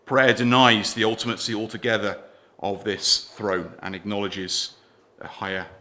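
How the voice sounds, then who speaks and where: A man preaching a sermon in church, earnest, putting questions to the congregation and letting his voice fall softer at the ends of lines. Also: on the low side, little pitch movement, moderate pace.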